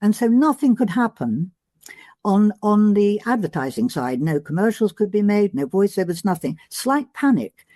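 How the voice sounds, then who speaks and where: Older woman, podcast guest, mellow tone, dry close recording, chatty reminiscing. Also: medium pitch, big pitch swings, moderate pace, no room sound. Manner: chatty storyteller with frequent restarts and ums. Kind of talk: casual reminiscing conversation.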